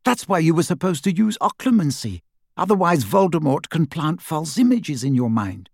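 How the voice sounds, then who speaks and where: Shrill anxious schoolgirl witch, voiced by a man. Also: sing-song, moderate pace, creaky, heavily acted. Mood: insistent. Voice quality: shrill, frightened.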